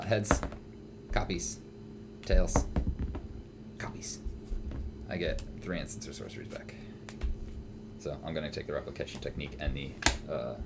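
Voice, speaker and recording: A man's voice: rumbling low, a little slow, gravelly, pauses often, very noisy. A man playing a card game in casual chat, dry and wry, calling out his coin flips. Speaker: player.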